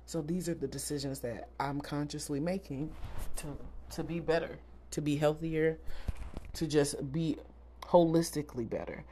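A woman's voice: low-pitched, normal speed, warm tone, slight background noise. A woman in her thirties from South Florida, hosting a casual solo podcast in a candid, chatty, emphatic way. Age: 30s. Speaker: podcast host.

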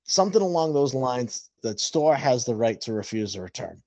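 Animated male podcast host, dry sound. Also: medium pitch, normal speed, dry recording. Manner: animated, acts out both sides of an argument. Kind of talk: casual storytelling chat.

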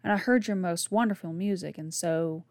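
Lady doing a sly creepy drifter dude, fake folksy drawl, louder and higher. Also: normal speed, no echo, clean studio sound, lightly acted. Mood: ingratiating. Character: sinister thin male drifter with fake drawl.

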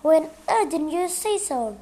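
A woman voicing a tall, fierce spinster aunt in a read-aloud story, shrill and indignant. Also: measured pace, darkish tone. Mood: flustered.

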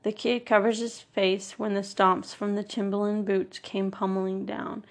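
A woman narrates a memoir in the first person, her voice set at an ordinary middle pitch. There is a steady gravelly fry running through her delivery. She stays earnest and measured, pressing on each word in a list. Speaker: audiobook narrator.

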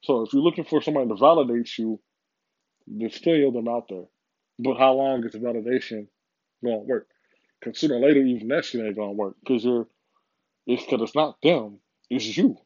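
A man's voice: medium pitch, brisk, darkish tone, husky, no echo, muffled recording. A man giving a casual, rambling motivational monologue, profane and full of repeats.

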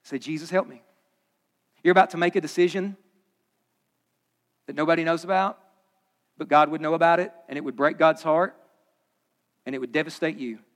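A middle-aged man preaching a sermon as pastor, conversational, with loud punchy asides that drop to hushed, low emphasis. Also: steady tone, fairly quick, long pauses. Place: large church auditorium. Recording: long hall reverb.

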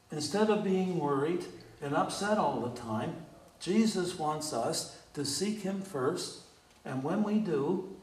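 A man preaching a sermon deliberately, asking his congregation questions. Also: fairly high pitch, echoey room, far from the mic, low-quality recording. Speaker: pastor.

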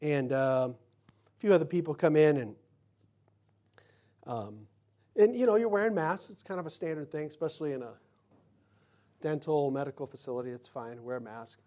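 A man's voice: on the high side, expressive, moderate pace, pauses often, dark tone. Folksy storytelling male pastor. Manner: folksy storytelling, acts out quotes. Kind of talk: sermon with personal anecdotes.

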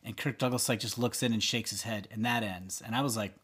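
A man's voice: lowish voice, fast, slightly rough. A man co-hosting a podcast, casually retelling film scenes and voicing the characters' lines as he goes. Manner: animated storytelling, acts out characters' lines. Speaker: podcast co-host. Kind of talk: casual chat.

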